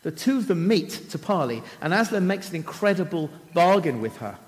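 A man's voice: high voice, very animated, brisk, long reverb tail. A man giving a talk who vividly and dramatically retells a children's story.

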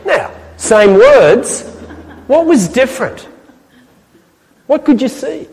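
A man preaching a sermon to a church audience in a chatty, lively way, often asking the listeners questions. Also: extremely high pitch, slow pace, creaky, big-room sound.

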